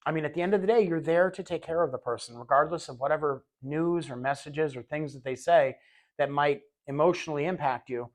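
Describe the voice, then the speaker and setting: Leading a recorded lesson for healthcare aides, a man with a slightly high voice speaks briskly and conversationally, often repeating words when restarting sentences. To illustrate, he repeatedly slips into short acted-out scenes using quoted voices.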